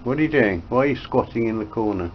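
A man's voice: mid-range voice, animated, fast talker. A man chatting casually with his pet parrot at home, amused and teasing it back. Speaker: pet owner. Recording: muffled home recording with faint hiss.

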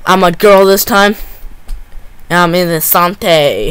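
Male gaming host, unhurried delivery, jumpy and exclamation-heavy while playing. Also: high voice, creaky, clean tone. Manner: excitable, lots of gasps and repeated exclamations. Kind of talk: live gameplay commentary.

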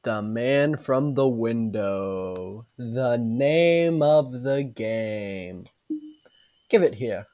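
A man's voice: mid-range voice, animated, drawn-out words, highs cut off, pitched below the performer's own voice. A man reading the lines of a tired, worried mother in a folksy way, with a mild attempt at a southern voice.

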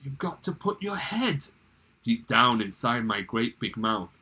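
A man voicing a cunning, grinning male crocodile in a read-aloud poem, speaking slowly and slyly in a husky voice. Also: medium pitch, sing-song, bright, forceful tone, heavily acted.

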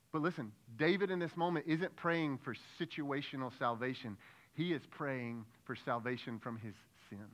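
A man's voice: medium pitch, bright, forceful tone, highs cut off. A man preaching a sermon as lead pastor, talking conversationally, asking the congregation questions and acting out prayers.

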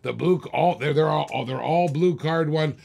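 A man's voice: on the high side, unhurried, creaky, darkish tone. A man hosting a live stream auction of toy cars, calling bids over and over in a hyped, repetitive way.

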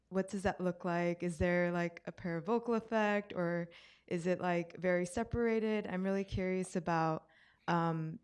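A woman's voice: fairly low pitch, darkish tone, smooth. A woman in the audience asking a question, hesitant and full of fillers.

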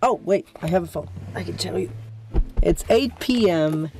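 A man's voice: high-pitched, moderate pace, a little mellow, a little hiss or hum. A young man vlogging anxiously from a box buried underground, sighing and talking to the camera. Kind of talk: casual vlog talk.

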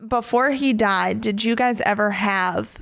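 A woman's voice: mid-range voice, a little slow, gravelly, a bit bright. A young woman hosting a podcast, speaking thoughtfully and often correcting herself mid-sentence. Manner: thoughtful, restarts and corrects herself, many affirming murmurs. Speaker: podcast host. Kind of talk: casual conversational interview.

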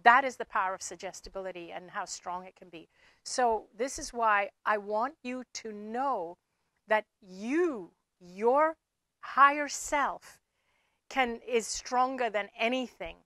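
A woman's voice: a little high, a little slow, sharp tone, no echo. A woman giving an earnest motivational talk to her viewers, often circling back and repeating her words. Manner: earnest, repeats herself with fillers. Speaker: spiritual speaker.

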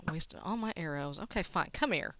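A young woman talking to herself while she plays a game, swearing often and muttering quietly between excited outbursts. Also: fairly low pitch, a little fast. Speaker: gaming video host. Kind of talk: casual let's-play commentary.

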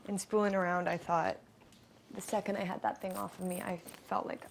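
A woman's voice: on the low side, level tone, a little fast, vocal fry, a little hiss or hum. A woman, a reality show contestant, rambling in casual chat with frequent restarts.

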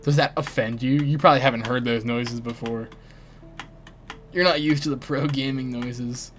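A man's voice: mid-range voice, steady tone, moderate pace, fairly bright tone, slight background noise. A young American man streaming a game, teasing his chat and friends in casual banter. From United States. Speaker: gaming streamer. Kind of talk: casual live-stream chatter while playing. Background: faint music and keyboard typing.

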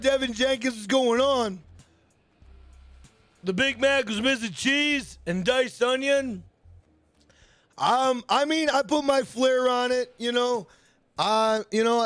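High-voiced, foul-mouthed male streamer. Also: fairly bright tone, no echo. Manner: profane, rambling storyteller greeting chat by name. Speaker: livestream host. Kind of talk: casual livestream chat.

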